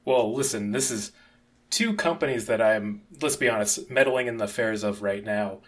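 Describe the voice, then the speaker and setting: A man's voice: lowish voice, normal speed. A man playing his character in a tabletop game, talking in an eager, rambling way and laughing often. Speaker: player.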